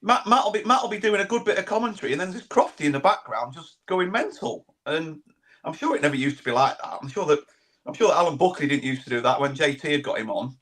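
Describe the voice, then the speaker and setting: Rambling man, somewhat high voice. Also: animated, fast, a bit bright. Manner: rambling, repeats words, apologetic. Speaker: panelist. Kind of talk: casual chat.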